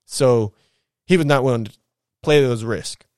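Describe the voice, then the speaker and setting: A man's voice: mid-range voice, a little slow, smooth, no room sound, clean studio sound. A man hosting his own show, telling his life story in a casual, slangy, profane way and acting out the people in it. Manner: profane, slangy street talk; animated retelling with quoted voices.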